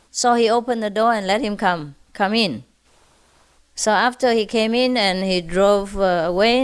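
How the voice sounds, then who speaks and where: A woman telling jokes to an audience in a casual, unhurried way, often checking in with her listeners. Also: on the high side, smooth. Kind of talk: casual storytelling.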